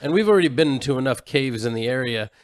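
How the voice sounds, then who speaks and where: A man's voice: mid-range voice, animated, quick pace. Chatty man co-hosting a radio show. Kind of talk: casual radio chat. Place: home office room built into a hillside.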